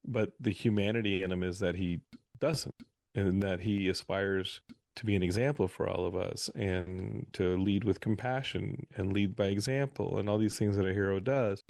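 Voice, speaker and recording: A man on a podcast as a guest, telling animated stories in a casual interview. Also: deep voice, normal speed, creaky, no room sound. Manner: animated anecdotal storyteller.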